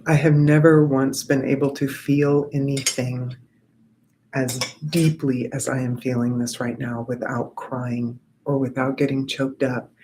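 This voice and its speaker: Woman leading a meditation, super slow and soothing, lots of gentle repeating. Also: a bass voice, little pitch movement, slight background noise, poor audio. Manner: slow, soothing, repetitive affirmations. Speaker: sound healing facilitator. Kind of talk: guided contemplation.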